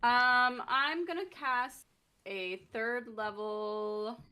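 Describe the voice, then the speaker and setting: Bright-voiced lady playing dnd, feisty, swears a lot. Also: on the high side, steady tone, very slow, clean tone. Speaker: player. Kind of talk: casual tabletop play.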